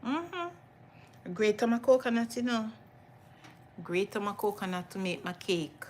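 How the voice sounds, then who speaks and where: A woman's voice: mid-range voice, animated, unhurried, a little mellow, a little hiss or hum. A middle-aged Jamaican woman hosting a casual cooking livestream from her home kitchen, chatting with viewers and repeating herself often.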